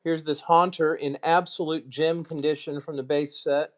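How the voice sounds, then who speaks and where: Relaxed man muttering through a live stream. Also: on the high side. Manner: relaxed, muttering to himself, quick asides to chat. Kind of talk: casual live stream chat while sorting cards.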